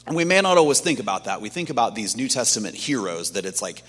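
A man preaching a sermon in a conversational, animated storytelling manner, acting out quotes from the stories he tells. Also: fairly low pitch, fast, slightly rough. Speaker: pastor. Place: church sanctuary. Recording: long hall reverb.

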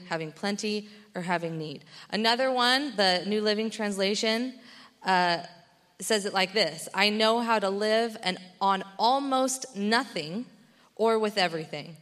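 Chatty, self-correcting woman preacher with a bright voice, recorded in a reverberant church hall. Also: mid-range voice. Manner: chatty, self-interrupting, laughs often. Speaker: pastor. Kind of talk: casual sermon.

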